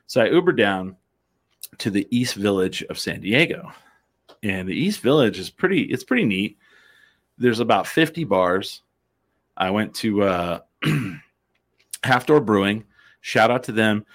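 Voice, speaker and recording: A man's voice: lowish voice, animated, measured pace, pauses often. A man from New Mexico hosting a casual chat, telling a rambling, profane story and laughing often. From New Mexico, USA.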